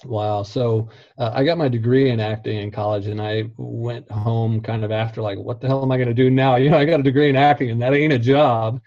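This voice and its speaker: A relaxed man talks casually as a podcast guest, chuckling through his stories. His voice is mellow and dark, with no room echo. The recording sounds dull and muffled. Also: medium pitch, brisk, hardly any pauses. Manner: laid-back, laughs often while talking. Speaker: interview guest. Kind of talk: casual interview chat.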